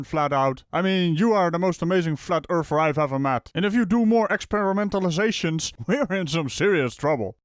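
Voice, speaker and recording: A man's voice: a little high, fairly quick, few pauses, no room sound, clean studio sound. A man from the Netherlands giving sarcastic, mocking reaction commentary, laughing often. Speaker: YouTube commentator.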